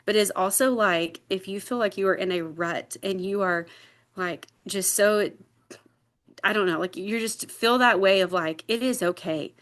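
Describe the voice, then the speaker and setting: A woman of middle pitch talks on a group video call. She rambles, fills her talk with "like" and "um", and grows teary now and then. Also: moderate pace, fairly bright tone. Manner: rambling, lots of "like" and "um", gets teary. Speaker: sales team member sharing her story.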